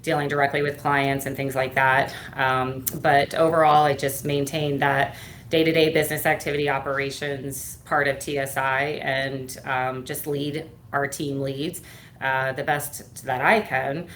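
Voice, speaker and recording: A middle-aged woman with a low voice tells her story as an interview guest. She talks casually with plenty of fillers and slips into quoted dialogue. A faint noise sits under the recording. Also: flat delivery, a little slow, a bit bright. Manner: chatty, many fillers, acts out quoted dialogue. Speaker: guest, firm owner and CEO.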